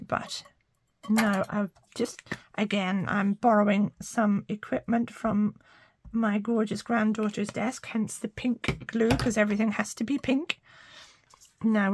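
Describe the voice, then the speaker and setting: A woman's voice: medium pitch, darkish tone, a little hiss or hum. An older woman chatting through a card-making tutorial, talking to her viewers and murmuring little asides as she works. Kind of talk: casual craft tutorial.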